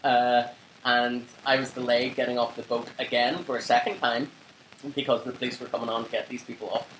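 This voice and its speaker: A man's voice: mid-range voice, fairly even intonation, fairly quick, fairly bright tone, slight background noise. A young man, co-hosting a podcast and telling a long rambling story in casual chat, swearing and laughing often. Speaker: podcast co-host. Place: flat. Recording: roomy home recording with faint ambience.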